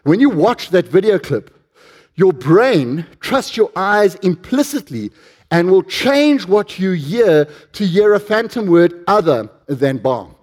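Animated high-voiced male preacher. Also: slow. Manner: animated storytelling, questions the congregation. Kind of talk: sermon.

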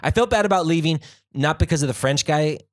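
A man's voice: fairly high pitch, quick pace, no echo, studio quality. A young man chatting casually as co-host, telling a story with apologetic, self-deprecating asides.

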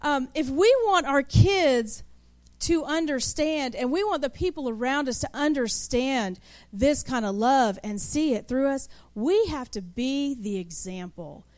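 A woman's voice: high-pitched, expressive, a little slow. A woman in her thirties preaching a sermon in a conversational way, acting out little scenes of mothers and children. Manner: conversational, acts out kids and mothers in asides.

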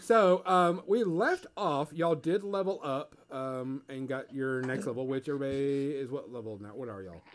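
A man narrating as game master of a tabletop game, relaxed and rambling. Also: medium pitch, moderate pace, few pauses. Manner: relaxed, rambling with fillers and laughs.

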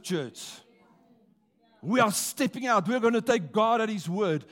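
A man preaching a rousing sermon in a church, slowing down for emphasis and calling on the congregation to respond. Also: sits high, lively intonation, fairly bright tone.

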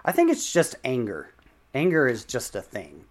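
A man's voice: medium pitch, huge pitch swings, moderate pace. Reflective man musing on a podcast. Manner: reflective and tentative, with many hedges. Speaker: podcast co-host. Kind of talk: casual conversation.

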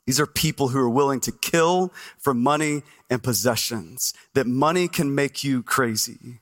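A man pastor preaching a sermon to a congregation, animated and asking the crowd questions, recorded on a stage microphone in a church. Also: mid-range voice, normal speed, few pauses. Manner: animated, asks the congregation questions, acts out listeners' voices.

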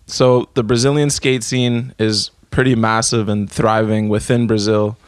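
A man hosting a podcast who asks questions in a relaxed, casual way. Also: on the low side, unhurried, clear, resonant tone, no room sound. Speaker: podcast host. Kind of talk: casual interview.

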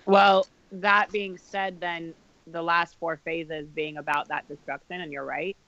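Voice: medium pitch, little pitch movement, unhurried, bright, forceful tone, lo-fi sound. Hesitant speculating panelist. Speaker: podcast panelist. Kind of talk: casual chat.

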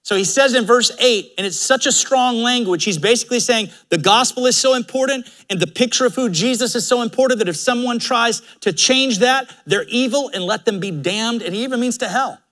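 High-voiced emphatic male pastor. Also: a little fast, few pauses, a bit bright. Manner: emphatic, conversational preaching. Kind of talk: sermon. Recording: live church sermon audio.

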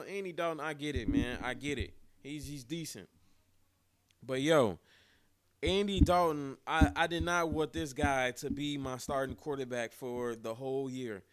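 A young man hosting his own sports podcast, talking casually and excitedly, cursing often and tossing in "man" and "yo" again and again. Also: fairly high pitch, a little slow, clean tone, dry recording, clean studio sound. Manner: excitable, animated, swears freely, repeats "man" and "yo". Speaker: podcast host.

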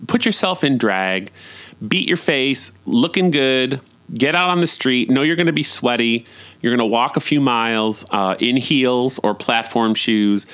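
A man at home spins casual, chatty stories with a campy edge. His voice sits at a middling pitch but jumps into bright, high swoops whenever something thrills him. He sounds loose and talkative, like a podcast host chatting to his listeners. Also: a little slow, smooth. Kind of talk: casual storytelling monologue.

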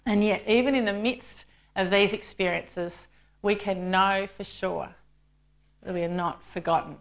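A woman's voice: mid-range voice, a little slow. Woman preaching conversationally. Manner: conversational, with rhetorical tag questions. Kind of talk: sermon.

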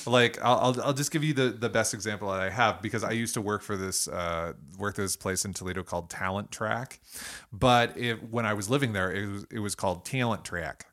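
A man's voice: lowish voice, a little fast, fairly bright tone. A man hosting a podcast from a dining room, telling stories in a rambling, self-interrupting way. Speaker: podcast host. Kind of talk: casual chat. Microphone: recording at a dining table.

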